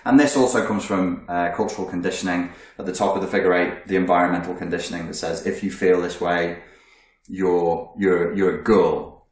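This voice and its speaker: A man's voice: low-pitched, fairly even intonation, fairly quick. A man coaching listeners on their emotions in a blunt, profane, emphatic self-help monologue. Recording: very echoey room.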